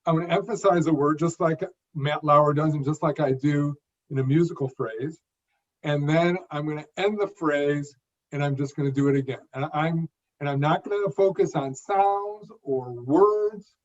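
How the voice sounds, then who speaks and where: A man around sixty talks as a guest in an interview, his voice sitting a bit high for a man. He speaks in clear emphatic phrases, sometimes repeating a word as he restarts. The audio is dull and lo-fi. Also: moderate pace. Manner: phrased, emphatic delivery with occasional repeated words. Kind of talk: conversational interview.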